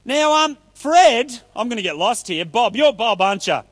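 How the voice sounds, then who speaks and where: A man's voice: very high voice, sing-song, moderate pace, dry recording. A man giving a playful, chatty talk to children at church. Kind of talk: children's talk with audience play.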